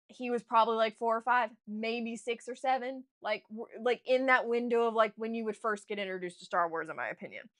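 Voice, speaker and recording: A young woman author chatting casually to her stream viewers, telling an animated, gushing story with restarts. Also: a little high. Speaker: author streaming a writing session.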